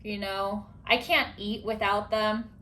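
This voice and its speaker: A woman hosting a podcast in casual chat, chatty and animated with lots of filler words. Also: medium pitch, slow pace. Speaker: podcast host.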